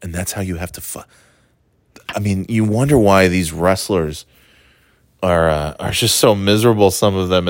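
A man with a lowish voice hosts a casual podcast, wandering through a long story and swearing as he goes. He slips into quick impressions of the people in it. The sound is close and dry, with no room echo. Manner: rambling, profane, mimics people in quotes. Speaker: podcast host.

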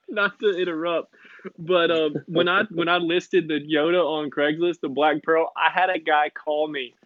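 Man, animated storyteller, high voice, dull lo-fi sound. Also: dry recording. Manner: animated, quick anecdotes. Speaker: co-host. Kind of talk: casual storytelling. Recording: dry, dull lo-fi audio.

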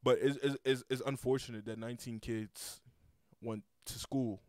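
A man's voice: mid-range voice, fairly even intonation, moderate pace, no room sound, clean studio sound. A young man hosting a casual podcast, rambling with lots of repeated words and cursing freely. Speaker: podcast host.

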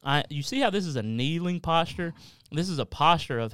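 A man's voice: on the high side, expressive, brisk, a bit bright, smooth, no echo. A man co-hosting a podcast, explaining Bible verses in a casual, earnest way with everyday examples. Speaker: podcast co-host. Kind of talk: casual Bible study discussion.

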